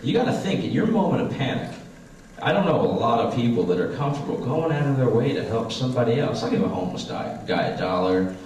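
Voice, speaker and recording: A man's voice: mid-range voice, sing-song, fast talker, darkish tone, slight background noise. A man in his twenties doing a profane, self-deprecating stand-up comedy set. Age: 20s. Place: small stage at a comedy class show. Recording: echoey room, mic far off.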